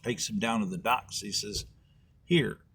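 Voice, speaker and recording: Talk as a middle-aged man spinning a homespun history yarn for your voters. Stay husky and plain, close to the mic and dry. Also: lowish voice, steady tone, moderate pace, sharp tone, dry recording. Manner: folksy, acts out voices in his stories. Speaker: political candidate. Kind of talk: storytelling political talk.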